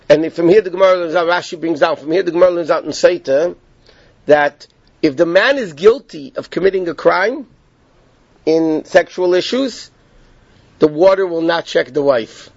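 A man's voice: fairly high pitch, gravelly, dry recording. Explanatory male Torah teacher, lo-fi. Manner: explanatory, repeats points and checks in with "okay?". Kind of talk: Torah class, explaining text to students. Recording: dull, lo-fi and dry.

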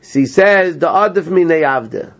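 Male teacher, upbeat storyteller, slightly high register, muffled lo-fi audio. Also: moderate pace. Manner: animated storyteller, translating line by line, laughs often. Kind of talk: retelling and explaining a text to a small class. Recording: lo-fi dull sound.

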